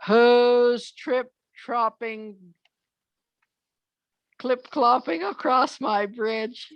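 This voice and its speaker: A woman voicing a mean male troll from a storybook, drawing out his threats slowly. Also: fairly high pitch, smooth, no echo, highs cut off, voice pushed up. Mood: demanding. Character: mean male troll living under a bridge.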